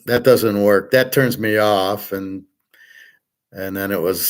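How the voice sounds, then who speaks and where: A man's voice: on the low side, takes it slowly. A middle-aged man hosting his own show, talking in a blunt, self-assured, rambling monologue and often repeating words as he rants. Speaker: podcast host.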